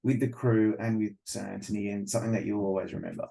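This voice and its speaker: A male host speaks over a video call in a mellow, relaxed tone. He gushes like a fan between questions, easygoing and warm in his enthusiasm. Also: on the low side, quick pace, vocal fry. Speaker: interview host, editor. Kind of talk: casual interview questions.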